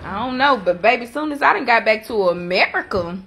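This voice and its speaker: A chatty middle-aged mother teasing her family in a casual vlog. Her voice is bright and sharp, pitched a little high, and she talks with plenty of sass. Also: expressive, a little fast, vocal fry, a little hiss or hum. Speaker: mother and vlogger.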